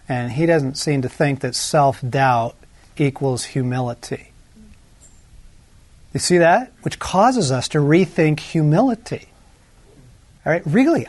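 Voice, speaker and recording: A man teaching from the Bible in a relaxed, conversational way, acting out quoted lines with lively jumps in pitch. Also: no room sound. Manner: conversational, animated, acts out quotes with shifts in pitch.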